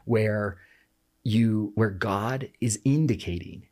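Man, low husky voice, very animated delivery, passionate conversational explainer. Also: slow pace. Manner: passionate, emphatic, fond of rhetorical "right?". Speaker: guest explaining scripture.

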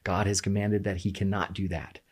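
Man, low husky voice, very animated delivery, passionate conversational explainer. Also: a little fast. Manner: passionate, emphatic, fond of rhetorical "right?". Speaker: guest explaining scripture.

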